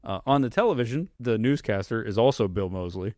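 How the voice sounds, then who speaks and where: A man's voice: lowish voice, animated, quick pace, a little mellow, dry recording. Male podcast host, casual and rambling, dry close sound. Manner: rambling, laughs often, many fillers.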